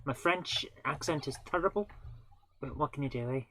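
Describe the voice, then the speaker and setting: A woman's voice: low voice, moderate pace, fairly bright tone, a little hiss or hum. A woman hosting a live gaming stream, chatting casually and laughing at her own mistakes as she plays. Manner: chatty, self-mocking, laughs often. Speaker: live-streaming game host. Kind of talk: casual live gameplay commentary.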